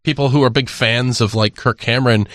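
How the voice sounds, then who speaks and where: A man's voice: medium pitch, steady tone, fairly quick, a bit bright, dry recording. Thoughtful chatty man, dry sound. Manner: thoughtful, talks through ideas with fillers. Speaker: podcast co-host. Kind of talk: casual chat.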